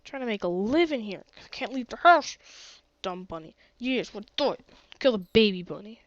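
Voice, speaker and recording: A woman's voice: mid-range voice, animated, moderate pace, dry recording, lo-fi sound. A woman streaming a game with a sore throat, chatty and often gasping and exclaiming. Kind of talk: casual gaming commentary.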